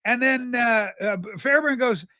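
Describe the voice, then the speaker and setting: A man's voice: very high-pitched, unhurried, bright, forceful tone, dry recording, studio quality. A man hosting a livestream in a campy, rambling chat, telling stories in a flamboyant persona. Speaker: livestream host. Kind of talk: casual chat.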